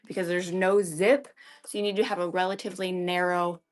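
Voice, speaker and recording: A woman's voice: lowish voice, little pitch movement, a little fast. A woman hosting a live shopping stream, chatting in an upbeat way as she shows off shoes and sets prices. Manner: chatty, upbeat selling patter. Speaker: live-selling host.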